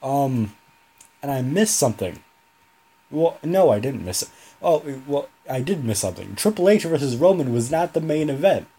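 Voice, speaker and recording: A young man hosts a solo podcast in a loose, rambling way, stopping to correct himself as he goes. His voice is mellow and a little husky. The pitch sits in the middle range for a man. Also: very animated, moderate pace. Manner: rambling, self-correcting, chatty. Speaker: podcast host. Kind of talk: casual solo podcast talk.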